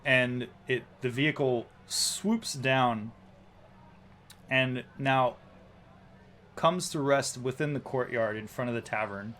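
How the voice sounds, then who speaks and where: Acting as game master, a man narrates a tabletop game, often halting with ums and restarts. His voice is medium-pitched with a fairly bright tone.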